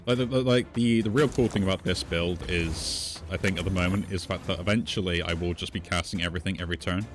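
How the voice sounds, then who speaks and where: A man with a low, deep voice talks casually through a game he is playing. He thinks out loud, weighing each move as he goes. Soft game music plays faintly in the background. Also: fast talker. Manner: musing, thinks aloud while playing. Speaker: gaming streamer. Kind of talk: casual gameplay commentary.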